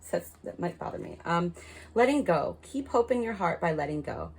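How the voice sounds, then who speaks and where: A woman's voice: lowish voice, big pitch swings, normal speed, creaky, a little mellow, husky. A woman giving a casual spiritual card reading, talking frankly and chattily and laughing at her own slips. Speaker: tarot card reader.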